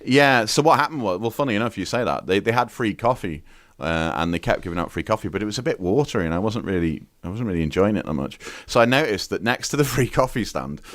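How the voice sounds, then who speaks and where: A man's voice: lowish voice, expressive, fast, a bit bright, dry recording, clean studio sound. A man from the UK chatting as a podcast guest, telling rambling stories full of fillers and restarts. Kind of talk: casual chat.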